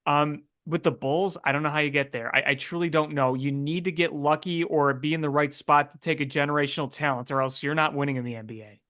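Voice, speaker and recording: A man's voice: fairly high pitch, fairly bright tone. A man co-hosting a casual sports podcast, talking things through with hesitant restarts.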